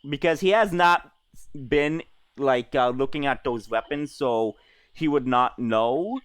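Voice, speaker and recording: A man's voice: mid-range voice, a little slow, fairly bright tone, clean tone, no echo. A man running a tabletop game as game master, talking in a hesitant way with many fillers and restarts.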